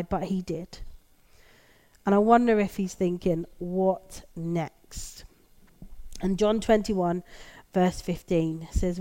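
A woman preaching a sermon, reflective and gently emphatic, reading scripture aloud. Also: on the low side, steady tone, slow pace, pauses often.

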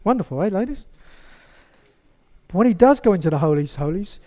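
A male preacher with a notably high voice delivers a lively sermon in a church. He speaks straight to the congregation and acts out small scenes as he goes. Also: brisk. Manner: animated, acts out quotes, addresses the congregation directly.

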